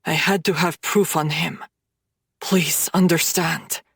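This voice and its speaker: A woman's voice: low voice, steady tone, slow pace, no echo, studio quality, pitched below the performer's own voice, exaggerated voice. Woman voicing a growling dangerous man. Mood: menacing. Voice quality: growling, rasping. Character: menacing dangerous man, low, snarling.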